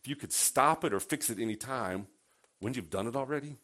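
A man preaching a sermon in a conversational way, asking the congregation questions and swinging from hushed lines to loud, sarcastic ones. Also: mid-range voice, fairly quick. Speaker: pastor.

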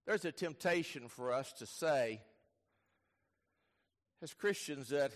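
A man preaching in a large church with a long, ringing reverb around his voice. His voice sits high, and he tells the story dramatically, sinking to near-whispers and then surging to loud exclamations. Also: expressive, takes it slowly. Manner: storytelling preacher, swings between soft hushed lines and sudden loud bursts. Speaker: pastor. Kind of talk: sermon.

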